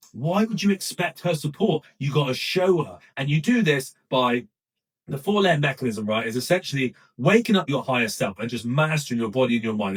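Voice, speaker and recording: Blunt swearing motivational coach. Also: male voice, fairly high pitch, husky, far from the mic, rough recording. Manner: blunt, forceful, heavy swearing. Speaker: men's coach. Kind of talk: motivational monologue to camera.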